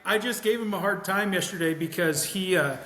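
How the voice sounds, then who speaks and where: Podcast host, man, higher-pitched voice, rambling and friendly, recorded in a reverberant room. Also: brisk, bright, forceful tone. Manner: friendly, rambling, with frequent restarts. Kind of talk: casual podcast interview. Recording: echoey room.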